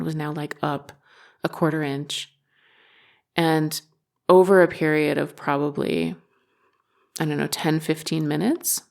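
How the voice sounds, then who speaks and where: A woman hosting a podcast, telling a personal story in a candid, self-mocking way with casual swearing and hushed asides. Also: low voice, gravelly. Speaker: podcast host.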